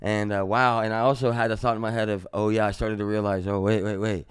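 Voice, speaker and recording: Smooth-voiced man telling wild stories. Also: fairly low pitch, quick pace, dry recording, studio quality. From Missouri, USA. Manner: animated, profane storytelling that jumps into shouted re-enactments. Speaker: musician guest. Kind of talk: casual podcast storytelling.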